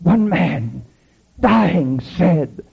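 High-voiced, husky preacher on an old broadcast recording. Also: male voice, expressive, drawn-out words, muffled recording. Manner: dramatic storytelling with heavy repetition. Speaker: Pentecostal preacher. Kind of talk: sermon.

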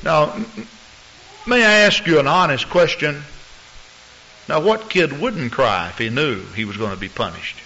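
Lively storytelling preacher man. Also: a little high, moderate pace, a little hiss or hum. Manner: animated storytelling preacher, acts out voices. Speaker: pastor. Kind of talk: sermon. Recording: muffled lo-fi recording.

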